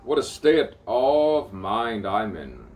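A man's voice: on the low side, big pitch swings, takes it slowly, a little mellow, distant mic. A man rambling in an improvised spoken-word monologue, theatrical, swearing freely and repeating words over and over.

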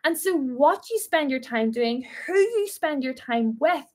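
A woman's voice: high-pitched, lively intonation, unhurried. A woman in her twenties leading a casual faith talk for a group, playful and encouraging, laughing often. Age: 20s. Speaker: small group leader.

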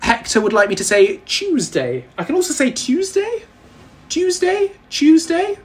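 A man's voice: very high-pitched, big pitch swings, a little fast. A British man hosting a casual baking livestream, joking, self-deprecating and rambling as he chats with his viewers. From Britain. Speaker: livestream host.

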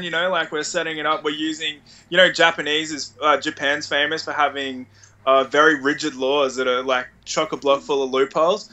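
A man's voice: on the high side, lo-fi sound. A man co-hosting a podcast, talking casually and loosely with lots of fillers. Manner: relaxed, filler-heavy talk. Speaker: podcast co-host. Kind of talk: casual chat.

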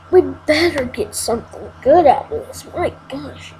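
A woman's voice: very high voice, big pitch swings, measured pace, few pauses, dark tone, a little hiss or hum, low-quality recording. A woman giving casual let's-play commentary, frustrated and exclaiming, repeating herself as she plays. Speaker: gameplay commentator.

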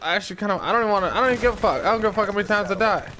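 A man's voice: high-pitched, rapid-fire, music in the background. A man giving live commentary over a shooter game, ranting profanely and drawing out mocking chants. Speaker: gameplay commentator. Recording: loud game gunfire behind the voice.

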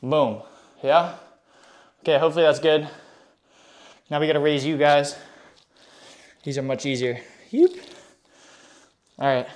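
Exercising on a live stream, this breathless man chats with viewers in a hyped, slangy style and reads chat aloud. His voice is high-ish, steady in tone, a little mellow and slow, with frequent pauses. He's a fitness streamer.

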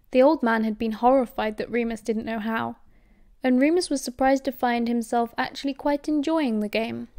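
A woman with a British accent reading audiobook narration at a steady, measured pace. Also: fairly high pitch, smooth, no echo, studio quality. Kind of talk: scripted narration.

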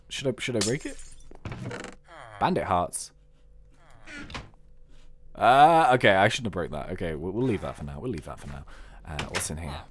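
An excitable man giving chatty let's-play commentary, his pitch leaping around as he reacts. He thinks aloud as he explores, over a faint hiss. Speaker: gaming video host.

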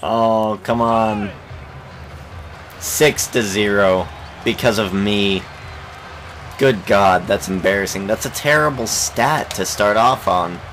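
A young man narrates his baseball game in unhurried let's play commentary, his voice sitting low. He swears and shouts in frustration whenever his team lets him down. A faint hum of background noise runs under his voice. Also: poor audio. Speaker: gaming channel host.

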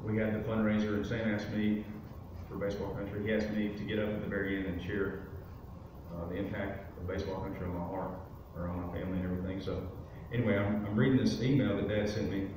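A man's voice: lowish voice, little pitch movement, quick pace, background noise. A man giving a guest testimony at a church service, telling a personal story in a loose conversational way with many fillers. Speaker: guest speaker. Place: church sanctuary. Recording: very echoey room, from far off.

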